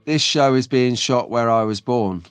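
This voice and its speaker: Middle-aged host, casual live-stream chatter, dry room, faint music. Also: male voice, medium pitch, moderate pace, clear, resonant tone, no echo. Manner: chatty, rambling, reads chat comments aloud.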